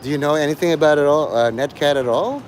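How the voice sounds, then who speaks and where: A man's voice: fairly high pitch, fast, slight background noise. A man live-streaming in a rambling, sarcastic and profane way, mocking a chat viewer. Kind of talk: rambling livestream banter.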